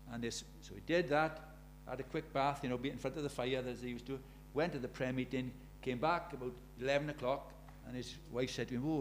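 A man's voice: mid-range voice, a little hiss or hum. A man preaching a sermon, telling stories in a conversational way and building to urgent emphasis.

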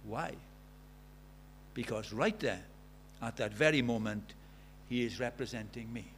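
A man's voice: mid-range voice, fairly bright tone, a little hiss or hum. A man preaching a sermon, asking rhetorical questions with emphasis.

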